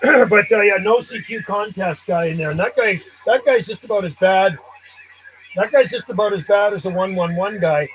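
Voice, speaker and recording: Casting: man, high voice, chatty and blunt radio operator calling on the band. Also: normal speed, fairly bright tone, slight background noise. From Canada. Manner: chatty, blunt, clears throat often. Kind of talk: casual radio chat and calling.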